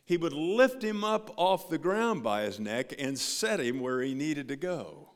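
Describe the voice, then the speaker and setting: Guy preaching in a church, goes loud then drops soft, lots of pitch swing, reverb-y hall. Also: very animated, a little slow. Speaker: pastor. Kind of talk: sermon.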